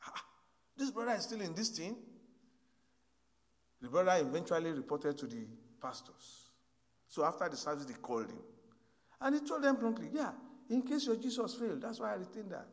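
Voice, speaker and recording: Preacher, high lively voice. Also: male voice, moderate pace, long pauses, big-room sound. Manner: storytelling, swings from hushed to loud exhortation. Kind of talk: sermon.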